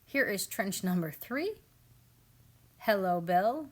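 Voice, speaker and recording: A woman in her thirties talks over her family's garden footage in an easygoing, chatty voice. She sounds amused and warm toward her kids and often drops into their lines as she tells it. Her pitch sits in an ordinary middle range. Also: expressive, slow pace. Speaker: family homestead vlogger. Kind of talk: casual voice-over narration of garden video.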